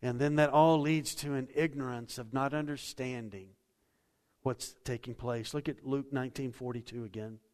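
A pastor preaching a sermon, conversational and earnest, dropping to hushed intensity and rising to louder emphasis. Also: male voice, mid-range voice, steady tone, normal speed. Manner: conversational, folksy storytelling with restarts. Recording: long church reverb.

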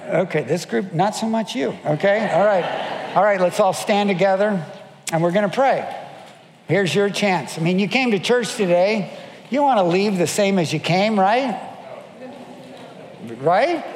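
A man preaching as a pastor, leading his congregation through prayer in an earnest, coaxing way that often sinks to soft, prayerful tones. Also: sits high, a little hiss or hum. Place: church sanctuary. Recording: long reverb of a church hall.

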